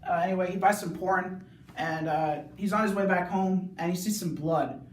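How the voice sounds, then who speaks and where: A man's voice: high voice, moderate pace, a little hiss or hum. Rambling young man in an echoey bathroom. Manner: rambling, many "like"s, bursts of yelling. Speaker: student video reviewer. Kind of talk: casual plot recap. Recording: echoey bathroom, mic far off.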